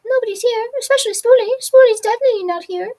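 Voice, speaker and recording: A woman voicing a cheerful little sewing creature with a squeaky voice, bubbly and talking about itself in the third person while reading game dialogue aloud. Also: fast, warm tone, low-quality recording. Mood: sneaky.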